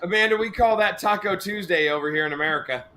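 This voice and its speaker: A man hosting a fishing live stream, easygoing and quick to laugh. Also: sits high, heavy background noise. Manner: easygoing, laughing, says man and you know. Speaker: host. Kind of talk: joking live stream chat.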